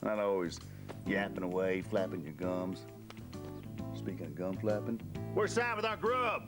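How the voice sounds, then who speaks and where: A middle-aged actor with a Texan accent playing a bossy, teasing man who talks in a loud folksy drawl. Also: deep voice, very animated, a little slow. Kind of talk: kids TV series acting. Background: score music.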